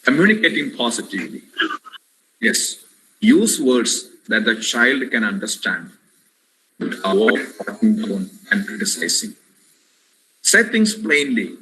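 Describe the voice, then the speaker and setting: A man's voice: lowish voice, very animated, a little slow, long pauses, bright, forceful tone, a little hiss or hum, poor audio. A man with an Indian English accent giving an earnest, preacherly webinar lecture on parenting, often addressing listeners as "my dear friends" and repeating key words for emphasis. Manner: emphatic repetitions. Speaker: webinar speaker. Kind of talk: impassioned lecture. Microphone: webinar headset or computer mic.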